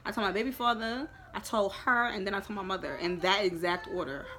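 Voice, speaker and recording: A young woman telling a storytime in a lively, profane, emphatic way. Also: medium pitch, a little fast. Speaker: vlogger. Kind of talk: storytime chat.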